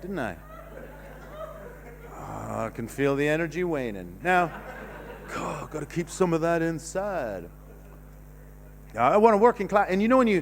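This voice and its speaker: An older man doing a stand-up comedy set on a theatre stage, rambling and self-mocking with sudden loud outbursts. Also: on the high side, a little hiss or hum. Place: stage of a cinema theatre, live audience.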